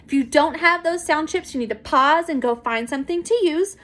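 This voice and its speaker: A woman teacher giving a recorded phonics lesson to young children, encouraging and clear. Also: sits high, fairly bright tone. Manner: slow, clear, encouraging classroom pacing.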